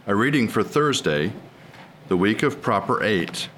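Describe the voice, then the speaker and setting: A man giving a steady, reverent recitation of prayers and a devotional reading in a liturgical service. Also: lowish voice, measured pace, slight background noise.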